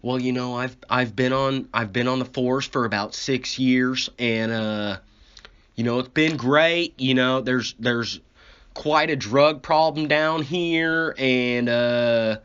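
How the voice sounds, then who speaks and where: A man's voice: medium pitch, takes it slowly, a bit bright, clear, resonant tone, muffled recording. A man doing a drawling small-town cop. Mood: folksy. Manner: drawling, hesitant.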